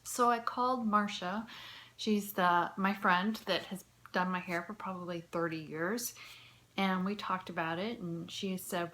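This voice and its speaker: A woman's voice: on the low side, fairly even intonation, a little slow, fairly bright tone. Earnest woman in her fifties. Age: 50s. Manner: earnest, heartfelt, sometimes drops to a near whisper. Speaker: vlogger. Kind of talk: personal storytelling to camera.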